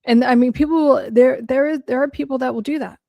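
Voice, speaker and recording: Blunt, chatty woman with a gravelly edge. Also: high voice, fairly even intonation, fast, dry recording, dull audio. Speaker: host answering viewer questions. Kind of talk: casual livestream Q&A.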